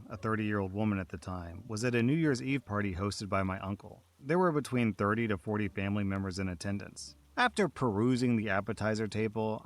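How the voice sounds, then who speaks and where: A man reading online stories aloud as scripted narration, steady and even with light emphasis. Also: lowish voice, dry recording.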